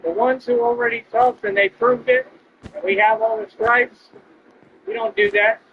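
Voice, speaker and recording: A man's voice: extremely high pitch, wildly swooping pitch, normal speed, a little hiss or hum. Ranting man, lo-fi audio. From Texas. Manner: boastful, confrontational rant. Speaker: streamer. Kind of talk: ranting to viewers while gaming. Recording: dull lo-fi stream audio.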